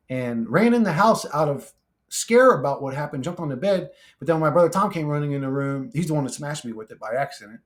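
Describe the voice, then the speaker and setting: A man talks off the cuff to his viewers in a blunt, profane way. He wanders through his thoughts with frequent restarts and fillers. His voice sits at an ordinary middle pitch for a man. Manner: blunt, swears freely, rambling with restarts. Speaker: YouTuber reading comment replies. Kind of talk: casual monologue.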